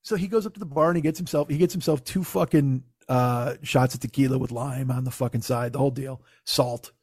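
A man casually telling a long funny story, profane and animated, acting out the other people's lines. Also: medium pitch, fairly quick, breathy edge, dry recording, studio quality. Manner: profane, animated, acts out quotes.

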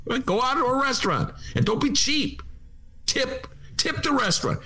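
A man's voice: extremely high pitch, big pitch swings, normal speed, pushed and bright, slightly rough. A man hosting a talk radio show, joking casually and mocking people in put-on voices. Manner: wisecracking, acts out quoted people in mocking voices.

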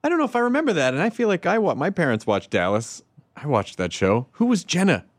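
A man from the American South hosting a casual chat, playful and quick to laugh. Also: on the high side, very animated, no echo, clean studio sound. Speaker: host.

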